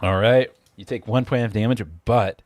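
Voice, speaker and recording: A man narrating as game master of a tabletop game, pausing often with fillers and restarting his sentences. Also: mid-range voice, fairly even intonation, a little mellow, no echo, studio quality. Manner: hesitant, many fillers and restarts.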